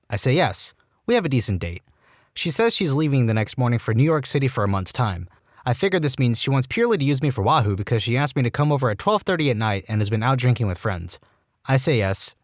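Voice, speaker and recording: A man reading reddit stories aloud with animated delivery and wry asides. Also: mid-range voice, no room sound, clean studio sound. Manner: animated, jumps into quoted voices with wry asides. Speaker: storytime narrator.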